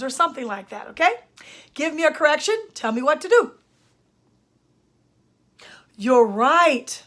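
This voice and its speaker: Older woman, high voice, speech therapist, grammar lesson, emphatic teacher talk. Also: fairly bright tone. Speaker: speech-language pathologist. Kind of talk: grammar lesson for parents and students.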